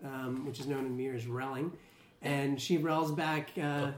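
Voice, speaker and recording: Relaxed, halting game master in a roomy room. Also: mid-range voice. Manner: relaxed, halting, with many fillers. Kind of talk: narrating a tabletop game. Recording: roomy room, faint noise.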